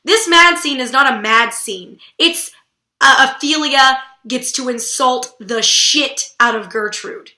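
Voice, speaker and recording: Blunt, bright-voiced woman vlogger. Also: high voice, slow pace, reverberant. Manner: blunt and irreverent, swears casually. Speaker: book vlogger host. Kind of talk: casual literary commentary.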